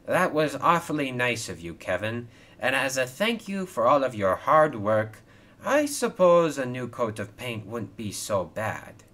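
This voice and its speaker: A man's voice: medium pitch, very animated, measured pace, a bit bright, voice pushed up. A man doing a stern crane boss. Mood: calm. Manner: firm, scolding, exasperated. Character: stern hardworking male crane boss, gruff but fair. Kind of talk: toy train storybook video.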